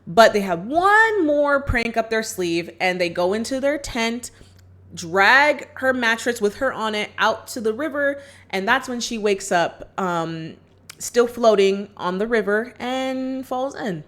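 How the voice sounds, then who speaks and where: A woman's voice: fairly high pitch, expressive, measured pace, fairly bright tone. A woman vlogger casually recapping a movie plot in a chatty, upbeat way, speaking straight to her viewers. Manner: chatty, acts out characters' lines while retelling.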